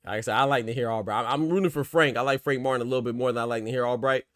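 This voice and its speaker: A man hosting live boxing commentary, excitable and slangy, shouting out big moments and talking casually to his viewers. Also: mid-range voice, racing, no room sound, clean studio sound. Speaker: boxing commentator and channel host.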